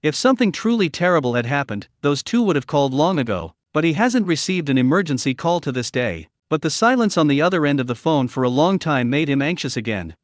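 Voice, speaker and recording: A man's voice: a little high, sing-song, fairly quick, hardly any pauses, no echo. Man narrating a story recap, dry close mic. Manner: reads all characters' lines in his own voice.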